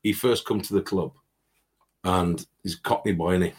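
A former footballer chatting as a podcast guest, telling lively anecdotes. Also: male voice, deep voice, moderate pace, breathy edge. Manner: animated anecdote teller, mimics others. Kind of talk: casual chat, storytelling.

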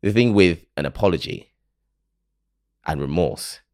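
A man's voice: deep voice, expressive, measured pace, darkish tone, dry recording, clean studio sound. A man hosting a podcast, speaking alone in an earnest, reflective and openly emotional way. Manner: earnest, emotional, self-questioning. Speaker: podcast host. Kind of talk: reflective solo monologue.

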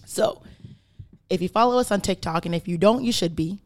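A Canadian woman hosting a podcast explains her point in casual chat, speaking a little fast in a lowish voice. She's emphatic and keeps checking in with a repeated "right?"

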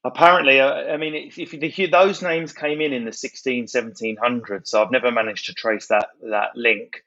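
A man in his thirties from England, a comedian telling animated stories in casual chat with quick asides. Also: mid-range voice. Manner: animated storyteller, quick impressions. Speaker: comedian guest. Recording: slightly dull lo-fi sound.

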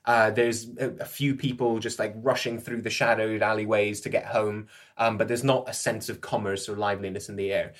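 A man's voice: on the low side, little pitch movement, a little fast. A man running a tabletop role-playing game as game master, narrating in a rambling way with frequent laughs. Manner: rambling, laughs often, restarts sentences.

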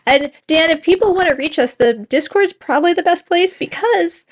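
A woman's voice: very high voice, normal speed. Woman podcast co-host, middle-aged, casual and giggly, stumbles through sentences good-naturedly. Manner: laughs often, chatty, restarts playfully. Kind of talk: casual chat.

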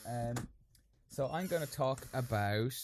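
A man's voice: mid-range voice, animated, a little slow. A man co-hosting a podcast in casual chat, joking around playfully. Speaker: podcast co-host.

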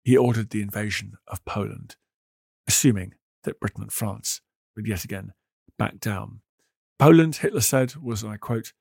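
A man hosting a podcast, telling history in a measured, emphatic storytelling manner. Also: lowish voice, gravelly, darkish tone, husky, no room sound, clean studio sound. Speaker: podcast host. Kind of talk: scripted history narration.

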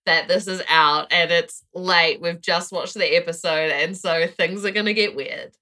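A woman's voice: on the low side, fairly even intonation, a little slow, sharp tone. A woman co-hosting a podcast, chatty and giggly in casual talk. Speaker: podcast co-host. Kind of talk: casual chat.

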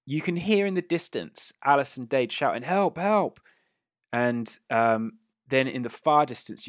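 A man of medium pitch narrates as a tabletop game master, relishing the gore and peppering his gleeful telling with fillers and laughter. There's no room sound, just a clean studio recording.

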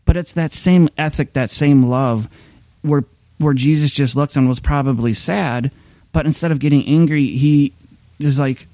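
Rambling, mellow-voiced male pastor. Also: a little high, fairly even intonation, normal speed, no room sound. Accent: Upper Midwest American. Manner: rambling, conversational, many restarts and fillers. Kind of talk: informal sermon.

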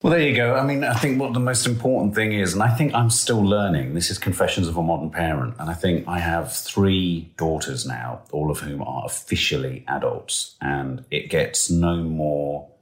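A middle-aged man co-hosts a casual parenting podcast, with a somewhat low voice that bounces around a roomy, echoey space. He tells stories in an animated way and slips into the voices of the people he quotes. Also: normal speed, hardly any pauses. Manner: animated storyteller who acts out quoted voices. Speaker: podcast co-host. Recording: roomy echo.

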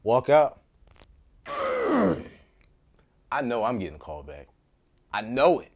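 A man tells a story from his own life in a loose, comedic way, his pitch swinging high and low as he goes. He laughs often, gets loud in the exciting moments and drops to a near hush for asides. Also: very slow, creaky, slightly rough. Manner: animated, laughs often, jumps between loud bursts and hushed asides. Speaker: actor.

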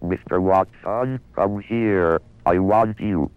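A flat, buzzing early speech computer. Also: male voice, deep voice, takes it slowly, clear, resonant tone, dry recording. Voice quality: flat, monotonous, with an electronic twang. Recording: dull lo-fi archive recording with faint music.

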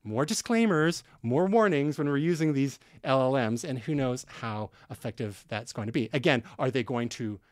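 A man's voice: mid-range voice, normal speed, few pauses, no room sound, studio quality. A man from Canada co-hosting a tech podcast, explaining news in a casual, conversational way with fillers and restarts. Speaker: podcast co-host.

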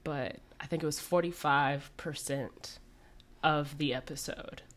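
A woman co-hosting a podcast, hoarse and raspy from illness, blunt and opinionated. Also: sits low, steady tone, a little slow. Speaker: podcast co-host. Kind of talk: casual chat.

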